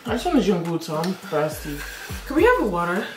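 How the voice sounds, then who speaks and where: A woman's voice: on the low side, sing-song, fast talker, distant mic. A woman vlogging a spicy food challenge, playful and groaning as she mumbles through mouthfuls. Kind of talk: casual challenge vlog. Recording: echoey room with music behind.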